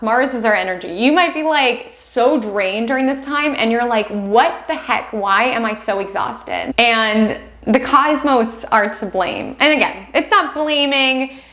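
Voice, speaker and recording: A young adult woman hosting an astrology video, talking gently and reassuringly straight to her viewers. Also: fairly high pitch, echoey room. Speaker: astrology channel host. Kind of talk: direct-to-camera astrology forecast.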